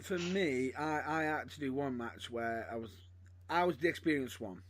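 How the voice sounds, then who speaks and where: A man interviewing a fellow wrestler in a relaxed, casual way, asking follow-up questions. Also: mid-range voice, moderate pace.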